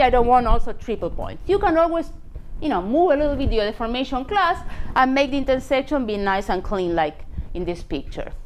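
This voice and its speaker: Woman math lecturer, high voice, lively delivery, faint room noise. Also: low-quality recording. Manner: lively, explains step by step with frequent "you know". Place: lecture hall.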